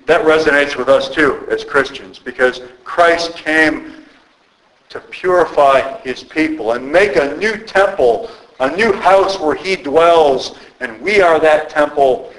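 A man's voice: fairly high pitch, a bit bright, rough recording. A male pastor preaching a sermon in an earnest, conversational way, often restarting his phrases. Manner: earnest, halting with repeated restarts.

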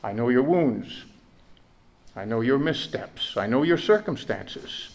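A man's voice: mid-range voice, expressive, takes it slowly. Earnest male pastor preaching a sermon. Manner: earnest, repeats words, rises to emphatic peaks.

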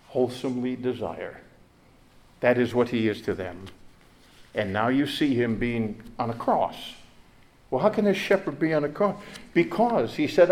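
A male pastor preaches with earnest conviction, his voice sitting at a middling pitch. He stumbles and repeats words as he goes, then climbs to loud, emphatic peaks before dropping back to a quiet tone. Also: animated, normal speed. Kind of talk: sermon.

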